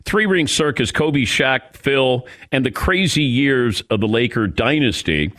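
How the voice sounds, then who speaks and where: A man hosting a sports talk radio show, introducing a guest and asking brisk questions. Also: mid-range voice, expressive, a bit bright.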